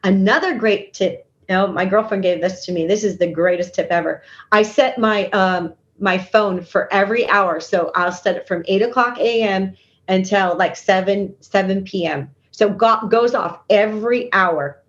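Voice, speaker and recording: A woman with a medium-pitched voice at normal speed is an interview guest and intuitive healer, giving earnest, coaching advice in conversation and acting out her inner dialogue. The remote audio is dull and lo-fi.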